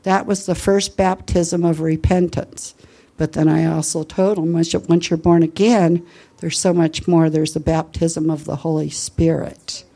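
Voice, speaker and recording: A woman's voice: sits low, a little slow. A woman giving an informal Christian talk, earnestly telling personal evangelism stories. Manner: earnest, lively storyteller. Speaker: Christian speaker sharing evangelism testimony.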